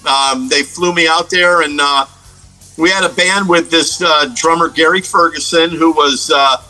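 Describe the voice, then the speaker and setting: A man's voice: on the high side, steady tone, a little slow, pushed and bright, faint music behind, poor audio. A middle-aged man from the United States, a guest guitarist telling stories in a casual interview, rambling with many fillers and restarts.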